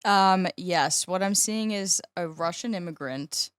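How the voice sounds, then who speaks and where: A woman's voice: on the low side, unhurried, clean tone, no room sound. A woman chatting as a podcast co-host, speaking in a hesitant, thoughtful way with lots of fillers. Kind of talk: casual chat.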